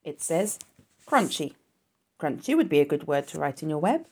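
A woman voicing a grumbling, greedy male rat in a storybook reading, gruff and put-upon. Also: sits low, big pitch swings, moderate pace, mellow, full character voice. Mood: offhand.

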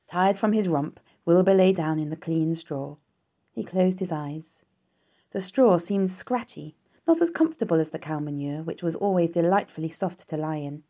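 A woman reading a children's novel aloud in a calm, steady storytelling voice. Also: lowish voice, moderate pace.

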